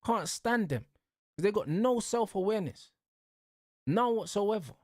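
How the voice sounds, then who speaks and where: A young man rants about football as a show host, circling back to the same points with heat. His voice sits slightly high. The sound is dry and close, with no room around it. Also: expressive, measured pace, a little mellow, no echo. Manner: heated, repetitive, slangy ranting. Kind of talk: casual football rant.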